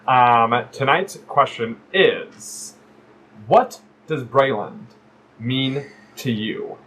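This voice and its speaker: Husky-voiced man hosting a tabletop game. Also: mid-range voice, expressive, drawn-out words, fairly bright tone, rough recording. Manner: upbeat and joking, rambling with fillers. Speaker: game master. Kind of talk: hosting a tabletop actual play.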